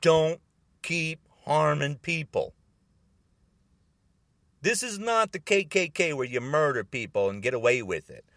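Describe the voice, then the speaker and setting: A worked-up man ranting to the camera, his fairly high voice leaping up and down as he stresses point after point. He repeats himself and now and then breaks into loud bursts, heard close and dry with no room sound. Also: expressive, unhurried, creaky, long pauses, no echo. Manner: agitated, repetitive, bursts of loud emphasis. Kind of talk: angry political rant to camera.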